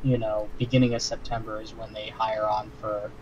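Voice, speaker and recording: A man's voice: lowish voice, little pitch movement, moderate pace, a little mellow, lo-fi sound, slight background noise. A man in casual livestream chat, blunt and swearing freely.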